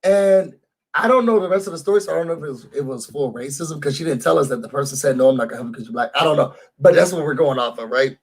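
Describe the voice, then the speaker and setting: A man recapping and ranting about a reality show episode for his channel, animated and addressing viewers directly. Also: fairly high pitch, quick pace, breathy edge. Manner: animated, talks straight to viewers. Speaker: YouTube show reviewer. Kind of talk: casual recap rant.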